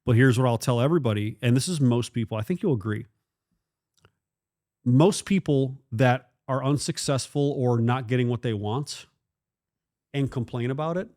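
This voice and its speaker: A man's voice: mid-range voice, normal speed, mellow. Blunt, emphatic male interview guest. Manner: emphatic, blunt, swears freely. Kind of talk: casual chat.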